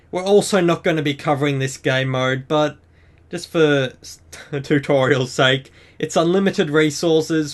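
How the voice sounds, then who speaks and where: A man hosting a game tutorial, talking casually and explaining each step of a screen-recorded walkthrough in an upbeat way. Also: on the high side.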